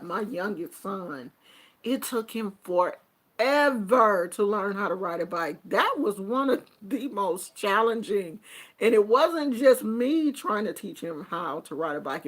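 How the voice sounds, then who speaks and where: Reading viewer comments on a livestream, a middle-aged woman vlogger keeps things casual yet animated and sassy. Her volume climbs from soft murmuring to loud exclaiming.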